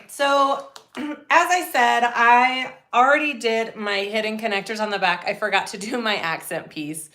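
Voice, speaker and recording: A woman's voice: a little high, bright, forceful tone. A woman hosting a live sewing tutorial, chatting casually and greeting viewers as she works. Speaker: sewing livestream host.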